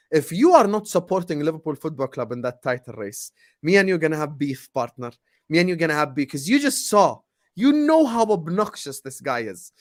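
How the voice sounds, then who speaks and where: A young man ranting on a fan podcast in a higher voice than most men. He swings between loud outbursts and muttered asides, repeating himself for effect. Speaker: co-host. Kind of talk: heated casual podcast chat.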